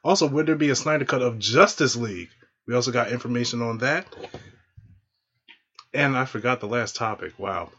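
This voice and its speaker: A man's voice: mid-range voice, normal speed, pauses often, bright, forceful tone, breathy edge, highs cut off. A man hosting a casual podcast panel, laughing often and stumbling over his words. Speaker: podcast host.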